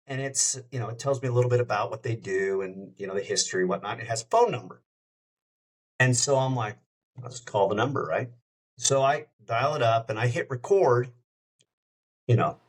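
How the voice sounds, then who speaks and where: Man telling a story. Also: mid-range voice. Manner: lively anecdote-telling, acts out quoted dialogue. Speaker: country radio host, podcast guest. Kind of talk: casual storytelling.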